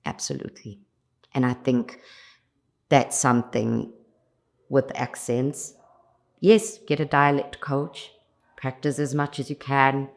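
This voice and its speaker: A South African woman speaks in a very deep register for a woman, taking her time over each phrase. She sounds earnest and reflective, stacking repeated phrases one after another as an actress being interviewed. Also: fairly even intonation, takes it slowly, long pauses. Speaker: lead actress, interview guest. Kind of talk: interview answers.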